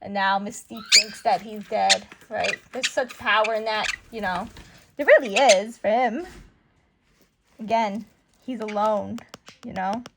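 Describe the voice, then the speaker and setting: A woman casually recapping and commenting on a comic book from home, chatty and animated with lots of fillers. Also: mid-range voice, unhurried, gravelly, noisy background. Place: home room with a pet bird.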